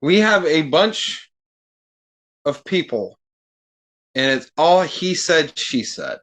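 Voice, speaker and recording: A man as a podcast guest, talking in casual chat and sounding exasperated, swearing freely and getting animated. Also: a little high, takes it slowly.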